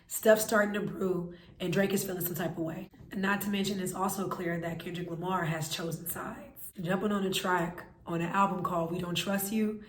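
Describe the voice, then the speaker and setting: A woman's voice: on the low side, reverberant, a little hiss or hum. A woman hosting a scripted commentary, giving her opinionated, analytical take. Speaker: commentary host.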